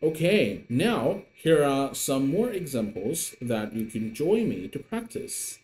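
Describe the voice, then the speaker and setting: A man's voice: medium pitch, big pitch swings, slow, darkish tone, a little hiss or hum. A man teaching an online lesson in English, patient and repetitive, with many fillers. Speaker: Mandarin teacher.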